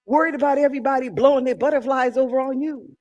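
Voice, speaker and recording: A minister preaching a sermon with emphatic delivery, drawn-out key words and sudden loud calls. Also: high voice, dull audio. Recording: long reverb in a large hall.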